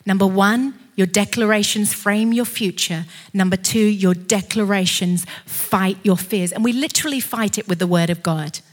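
A woman preaching a sermon, building to impassioned, shouted declarations. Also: mid-range voice, moderate pace, few pauses.

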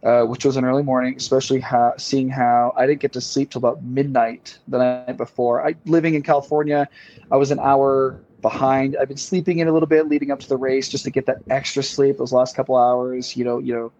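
A man's voice: medium pitch, little pitch movement, fairly quick, a little mellow. A man as a podcast guest, telling a long story in a casual, rambling way with many fillers and repeated words. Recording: slightly dull lo-fi sound.

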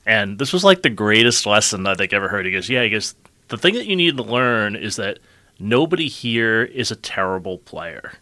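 Bright-voiced man telling a story. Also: on the low side, normal speed, dry recording. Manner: animated storyteller, many "you know"s, laughs. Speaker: podcast co-host. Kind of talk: casual chat, storytelling.

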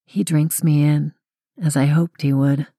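A woman's voice: deep voice, level tone, measured pace, warm tone, dry recording. Young woman narrator, wry first-person audiobook read, dry close studio sound.

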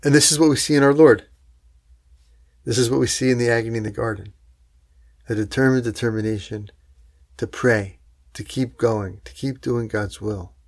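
A man preaching a sermon in an earnest, emphatic way, with rhetorical asides to his listeners, swelling louder on key words and then dropping soft. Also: mid-range voice, normal speed, pauses often.

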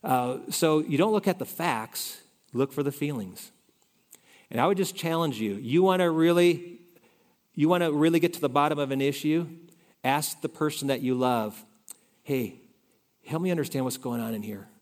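Pastor preaching in a reverberant hall. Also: male voice, fairly high pitch, normal speed. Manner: conversational, shifting between loud emphasis and soft near-whispered asides. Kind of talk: sermon. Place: church sanctuary.

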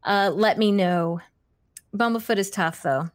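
A woman's voice: medium pitch, a little slow, no room sound, clean studio sound. A woman hosting a live stream, answering chat questions in a casual, chatty way, laughing often and restarting her sentences. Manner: chatty, giggly, self-deprecating, many fillers and restarts.

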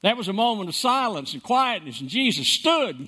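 A man preaching a sermon, emphatic and dramatic, repeating words for stress and swinging between loud and soft. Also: high voice, very animated, a little fast. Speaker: pastor.

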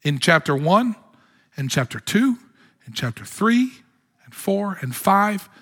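A man's voice: sits high, sing-song, takes it slowly, a bit bright, breathy edge. A man preaching a sermon as pastor, with impassioned delivery that climbs to exclamations. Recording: long hall reverb.

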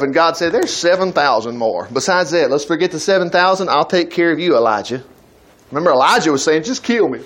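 A man preaching a sermon in a high, lifted voice. He talks in a folksy, animated way and breaks scripture into plain everyday speech. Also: low-quality recording.

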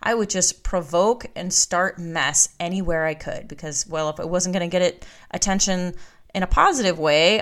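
A woman's voice: lowish voice, fairly bright tone. Candid, emphatic woman podcast host. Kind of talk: personal podcast monologue. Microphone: podcast microphone.

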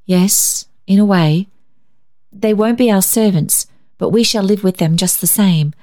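A woman reading a storybook and voicing a gentle, determined young woman of twenty who speaks tenderly and reassuringly to her little sister. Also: mid-range voice, unhurried, natural voice. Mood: tender earnest.

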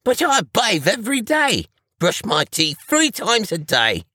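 A man voicing a wealthy bearded stranger, touchy and indignant, with a high, wounded delivery. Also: wildly swooping pitch, unhurried, bright, forceful tone, dry recording, clean studio sound, full character voice.

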